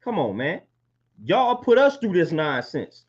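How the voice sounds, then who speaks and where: Preachy man, high voice, lo-fi audio. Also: very animated, a little slow, husky. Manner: preachy, repeats phrases for emphasis. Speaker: live stream host. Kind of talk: impassioned monologue to live chat. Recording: dull lo-fi stream audio.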